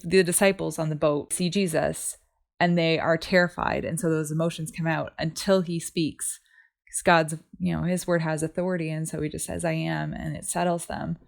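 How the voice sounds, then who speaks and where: A woman co-hosting a faith podcast, calmly explaining her thoughts with examples. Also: low voice, moderate pace, vocal fry. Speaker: podcast co-host. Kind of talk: casual faith podcast chat.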